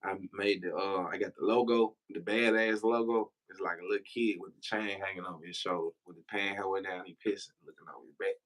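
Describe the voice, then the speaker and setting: A man's voice: low voice, steady tone, brisk, few pauses, a bit bright, poor audio. Laid-back man spinning stories. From Memphis, Tennessee. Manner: profane, laughing, slangy storyteller. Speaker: guest telling stories. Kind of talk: casual storytelling on a livestream.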